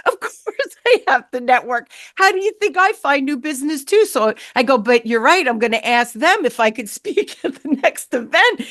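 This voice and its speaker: Lively woman host, dry close sound. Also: sits high, no room sound. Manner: animated, acts out quoted voices. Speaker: podcast host. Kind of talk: storytelling interview chat.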